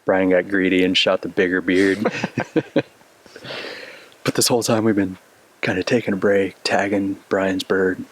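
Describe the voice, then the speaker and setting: A man's voice: deep voice, fairly even intonation, a little slow, long pauses. A man hunting outdoors, talking casually and laughing often as he describes what just happened. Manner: laid-back, laughs often. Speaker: hunter filming a hunt. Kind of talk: casual field commentary. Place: outdoors in a canyon. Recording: outdoor audio with music underneath. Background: background music.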